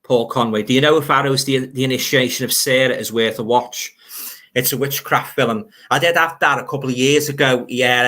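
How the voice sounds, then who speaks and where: On a casual livestream, an older Liverpool-accented host grumbles, rambles about films, and reads out comments from viewers. His mid-range voice comes across pushed and bright.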